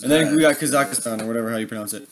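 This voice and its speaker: A man's voice: mid-range voice, rapid-fire, crowd noise. A young man hosting a casual video, chatting loosely and a little self-mockingly between countdowns. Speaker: video host.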